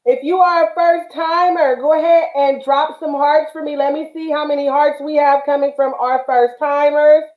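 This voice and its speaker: This Northern California host from the Bay Area talks through her craft livestream in a high-pitched, steady voice at a moderate pace, barely pausing. She is affectionate and casual, full of fillers, with dull, roomy livestream sound.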